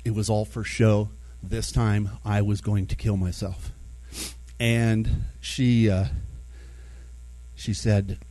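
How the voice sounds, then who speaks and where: Man telling a story, animated and dry. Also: on the low side, slow, no room sound. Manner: animated, acts out his own inner dialogue. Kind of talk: personal testimony storytelling.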